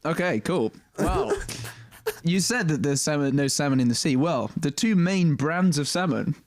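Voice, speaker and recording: A man hosting a casual comedy podcast, halting and giggly as he tries to keep the chat on track. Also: a little high, lively intonation, no room sound. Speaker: podcast host.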